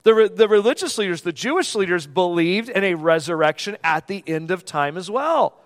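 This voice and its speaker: A man in his forties delivers a sermon in a church sanctuary, his voice sitting notably high. He talks in a casual, conversational way, then leans hard on key points before dropping to a near-hush. The sound carries a long hall reverb. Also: expressive, a little fast. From United States. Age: 40s. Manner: conversational, emphatic preaching with sudden drops to a hush. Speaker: pastor.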